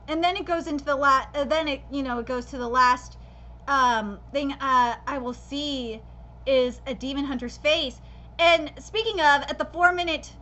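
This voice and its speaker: Brief: woman streamer, very high sharp voice, profane heated critique, lo-fi recording. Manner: passionate, profane ranting critique. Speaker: anime reaction streamer. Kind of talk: live reaction commentary.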